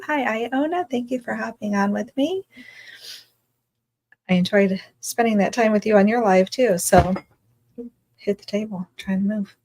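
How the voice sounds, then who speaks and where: A woman's voice: medium pitch, lively intonation, a little slow, darkish tone, husky, rough recording. A woman hosting a casual self-care livestream, bubbly and effusive as she greets viewers and reads their comments aloud.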